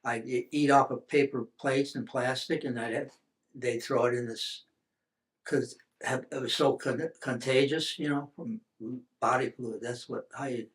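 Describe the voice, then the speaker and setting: An older American man talks through his war memories in an oral history interview. His pitch sits in the middle range, and he rambles, circling back and restarting thoughts as he goes. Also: fairly even intonation, a little slow. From United States. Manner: rambling storytelling with many restarts and fillers. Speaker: veteran interviewee.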